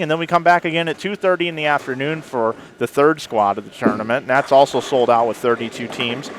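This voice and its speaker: Chatty male play-by-play caller for a bowling broadcast, mid-pitched, self-correcting, talks straight to viewers. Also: fairly bright tone, slight background noise. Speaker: bowling commentator. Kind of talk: live play-by-play sports commentary. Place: bowling center.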